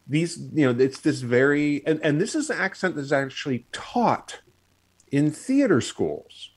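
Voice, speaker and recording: A man's voice: fairly high pitch, expressive, a little slow, husky. A man co-hosting a casual chat on a video call, explaining with many fillers and restarts. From United States. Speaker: podcast co-host.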